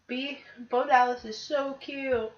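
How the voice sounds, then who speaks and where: Woman cohost on a chatty podcast, kinda high voice, talks slow, echoey room. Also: fairly even intonation, highs cut off. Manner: chatty, quick to laugh. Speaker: podcast co-host. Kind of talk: casual chat.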